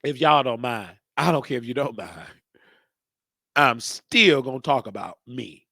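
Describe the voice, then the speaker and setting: A man's voice: mid-range voice, expressive, a little slow, vocal fry, pushed and bright, no room sound, studio quality. A man hosting his own show, talking casually and rambling, joking and thinking aloud as he goes. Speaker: show host. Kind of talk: casual live-stream monologue.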